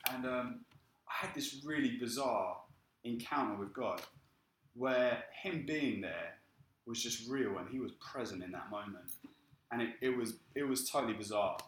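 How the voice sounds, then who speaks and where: A man preaching a sermon and telling his own story in a lively way. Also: medium pitch, normal speed, roomy sound, a little hiss or hum, poor audio. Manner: lively storytelling, acting out quoted speech. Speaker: pastor. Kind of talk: sermon with personal testimony.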